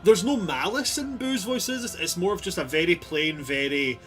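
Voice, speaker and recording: A man narrating as game master of a tabletop game, lively and laughing as he tells the scene. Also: high-pitched, normal speed, over music. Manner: animated, laughing storyteller.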